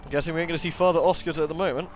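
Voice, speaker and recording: A man's voice: a little high, steady tone, rapid-fire, soft background music. Young man muttering jokey game commentary. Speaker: let's play gamer. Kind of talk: casual gameplay commentary.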